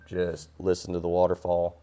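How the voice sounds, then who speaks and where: Low, dark-voiced man telling stories. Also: completely flat delivery, normal speed, clear, resonant tone. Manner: earnest storyteller with many fillers and restarts. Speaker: guest, hardscaper and water feature builder. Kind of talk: casual podcast conversation.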